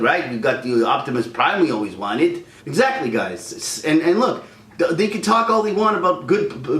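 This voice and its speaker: A man's voice: on the high side, roomy sound. A man hosting a casual ranting chat, heated and rambling, stumbling over restarts. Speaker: YouTube channel host.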